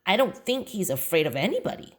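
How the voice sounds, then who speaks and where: Storybook role: woman doing a fretful third-grade boy, raised voice, lively swings. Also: mid-range voice, fairly quick, pitched above the performer's own voice, close to an everyday voice. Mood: earnest. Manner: eager, indignant outbursts. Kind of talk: children's book read aloud.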